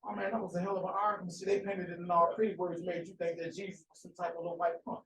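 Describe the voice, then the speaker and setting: A man's voice: high voice, little pitch movement, rapid-fire, distant mic, crowd noise. A man preaching an impassioned sermon, asking rhetorical questions and repeating phrases for emphasis. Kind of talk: fiery sermon. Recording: echoey room, voice off-mic.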